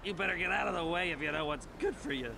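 A man doing jeering high-voiced street thugs. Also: quick pace, vocal fry, background noise. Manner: jeering, bullying. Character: sneering drunk male upper-city thugs.

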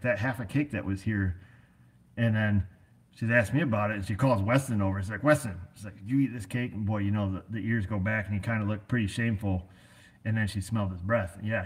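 A middle-aged American man who runs an auto repair shop chats casually in a vlog, rambling in a folksy way packed with fillers. His voice is on the low side and husky.

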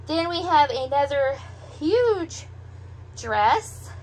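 A middle-aged woman with heavy breathing after a meal, chatting in an unhurried, musing way as she shows off a clothing haul at home. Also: sits high, very animated, a little hiss or hum. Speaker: doll collector showing a clothing haul. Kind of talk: casual show-and-tell vlog.

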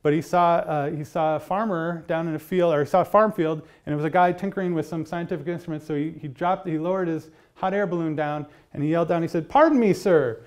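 Man, lecture, fairly high voice, conversational, fillers and restarts. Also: fairly even intonation, quick pace, few pauses. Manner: conversational, frequent fillers and restarts, tells jokes. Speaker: policy director giving a university lecture. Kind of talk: public lecture. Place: lecture hall.

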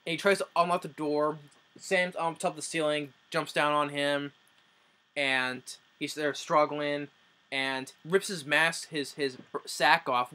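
A man's voice: on the high side, sharp tone. A man casually recapping a film's plot for his review channel, rambling and often restarting his sentences. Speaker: movie reviewer.

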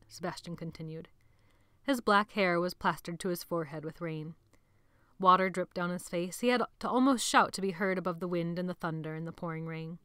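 A woman's voice: lowish voice, steady tone, fairly quick, a bit bright, smooth, dry recording. A woman narrating a novel as an audiobook, dramatic and dropping to a whisper at tense moments.

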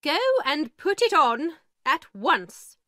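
A woman voicing a stern, cold, angry schoolmistress in a storybook reading, with a sharp, commanding manner. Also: big pitch swings, takes it slowly, dry recording, clean studio sound, exaggerated voice. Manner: sharp, commanding, raised and higher.

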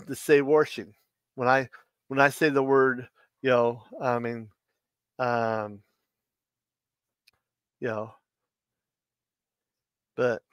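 A man hosting a casual livestream, chatting in a rambling, halting way with many restarts, who says Washington with an R in it. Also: medium pitch, a bit bright, smooth, no room sound. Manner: puts an R in Washington. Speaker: livestream host.

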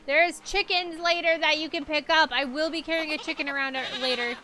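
A woman's voice: high voice, fairly even intonation, brisk, pushed and bright, a little hiss or hum. A woman streaming a video game, chatty and giggly, talking to her viewers. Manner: chatty, giggly, talks to chat. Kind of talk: casual game livestream commentary.

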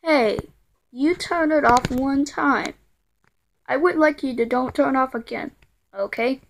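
Girl doing a cranky computer error lady, high voice, keeps scolding and tripping over her words. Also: a little slow, slight background noise. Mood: angry scolding. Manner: scolding, repeated threats, stammering restarts. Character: scolding female computer error, quick-tempered and bossy.

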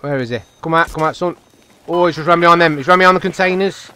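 Excitable gamer, slightly high voice. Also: male voice, fast talker, smooth. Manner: excitable, chatty, talks to himself and teammates. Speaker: gaming channel host. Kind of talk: live gameplay commentary.

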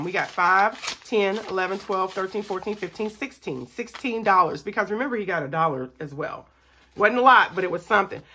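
A woman's voice: medium pitch, a little hiss or hum. A young woman chatting to her viewers as she counts money and scratches off savings cards. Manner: chatty, animated, talks to viewers as y'all, counts money aloud. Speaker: budgeting vlogger. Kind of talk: casual chat to viewers while scratching off savings.

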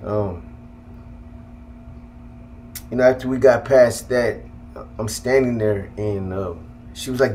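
A man telling a personal story in casual, profane speech, halting and restarting often. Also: mid-range voice, darkish tone, slight background noise. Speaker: guest telling his life story.

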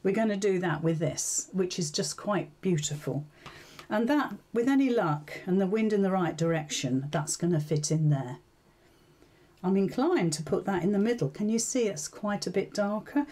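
Mellow-voiced woman, chatty sewing tutor. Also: medium pitch, animated, moderate pace. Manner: chatty, thinks aloud, asks viewers questions. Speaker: sewing tutor hosting a live stream. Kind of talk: casual live tutorial chat.

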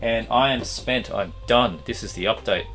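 A man hosting a casual collection update vlog, his voice going hoarse, rambling with lots of fillers. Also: medium pitch, normal speed, faint music behind. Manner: rambling, animated, trailing fillers.

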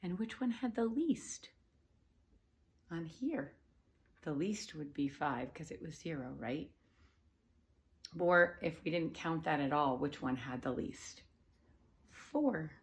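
A woman teacher giving a recorded lesson to young children, patient and encouraging, clapping out syllables and sometimes dropping to a soft whisper. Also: low voice, lively intonation. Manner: slow, patient and encouraging, claps and taps out syllables.

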